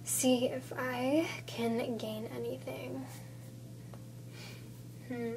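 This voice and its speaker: A woman's voice: fairly high pitch, level tone, very slow, noisy background. A woman giving a casual tarot reading, thinking aloud in a chatty, goofy manner. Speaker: tarot reader.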